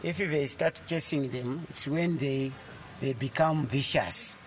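A man answering in an interview with slow, deliberate speech. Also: medium pitch.

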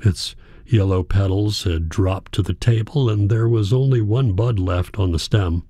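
A man reading a novel aloud in a measured, reflective storytelling manner. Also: lowish voice, dark tone, no echo, studio quality. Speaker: audiobook narrator. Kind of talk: scripted narration.

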